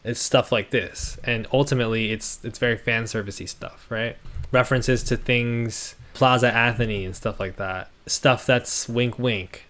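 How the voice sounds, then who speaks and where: A man's voice: medium pitch, fairly even intonation, normal speed, a bit bright. A man streaming casual commentary, reading song lyrics aloud and critiquing them in a sarcastic, thinking-aloud way.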